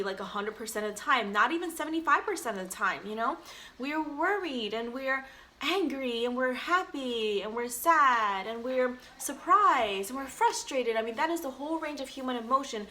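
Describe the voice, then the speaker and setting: A woman's voice: on the high side, bright, forceful tone, a little hiss or hum. A woman in her thirties, a doctor and mother, chatting casually about parenting while reading a picture book to her baby, with a chatty, sing-song baby-talk manner. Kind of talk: casual read-aloud with parenting tips.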